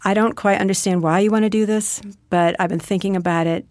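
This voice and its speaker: A woman's voice: mid-range voice, fairly even intonation, fairly quick, darkish tone, no room sound. A woman telling her personal story as a guest in an interview, in a plain storytelling manner. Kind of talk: personal testimony in a radio interview.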